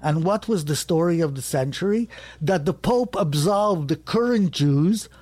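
A man spins a personal story with lively, restless energy. His voice sits a bit high and leaps higher when he is excited, and he often restarts mid-phrase. The sound is close and dry, with no room around it. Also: unhurried, no echo. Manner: animated, rising sharply when excited, with self-corrections. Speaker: storyteller guest. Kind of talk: conversational anecdote.

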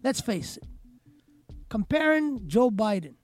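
Over soft background music, a man hosts a casual podcast, speaking slowly in a high voice with big pitch swings. His opinionated commentary is passionate and emphatic, and he repeats words to stress them.

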